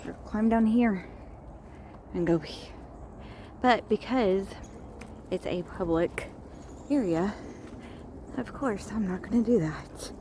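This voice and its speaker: Talking to her vlog audience on a park trail against a noisy background, this Georgia woman is a little breathless and exasperated. She takes it slowly in a mid-range voice, pausing often in her casual chat to camera.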